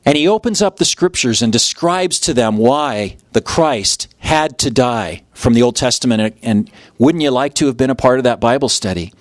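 A man's voice: medium pitch, animated, moderate pace, no echo. A man preaching a sermon as pastor, telling the story vividly and acting out the voices of its people. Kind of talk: expository sermon.

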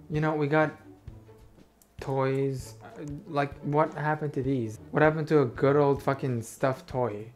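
A young man gives sarcastic reaction commentary, swearing and groaning in exaggerated disgust. His voice sits at a middling pitch. Faint music plays underneath. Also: fairly even intonation, unhurried, darkish tone.

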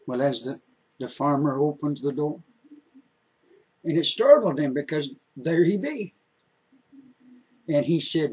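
A man telling a folksy story in an unhurried, homespun way. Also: a little high, animated, husky, low-quality recording.

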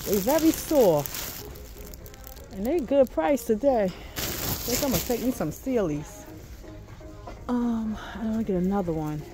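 Gushing woman with a lively voice. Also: fairly high pitch, measured pace, long pauses, music in the background. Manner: gushing, excitable, talks to viewers. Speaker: vlogger. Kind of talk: casual shopping vlog. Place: indoor home goods store.

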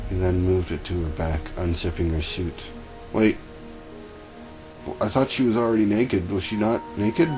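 A man's voice: deep voice, fairly even intonation, moderate pace, music in the background, poor audio. A man doing a comedic reading with wry asides, stumbling over and correcting words. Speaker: fanfiction reader.

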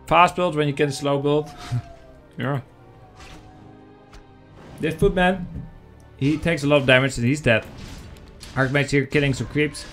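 Chatty male game caster with a raised voice, excitable play-by-play, faint music underneath. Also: fairly high pitch, unhurried, pauses often. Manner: excitable, chatty, addresses viewers as guys. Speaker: esports caster. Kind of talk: live game commentary.

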